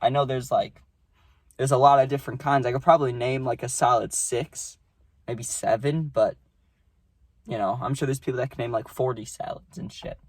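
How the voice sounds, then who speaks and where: A man's voice: medium pitch, fairly even intonation, moderate pace, slightly rough, no room sound. A young man telling a story about his job in a casual, rambling way, swearing freely.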